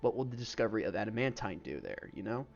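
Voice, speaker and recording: A man's voice: fairly low pitch, big pitch swings, quick pace, gravelly, darkish tone, dull audio. A man running a live-streamed tabletop game as game master, talking loosely with lots of "um" and "like". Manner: loose and rambling, full of "um" and "like".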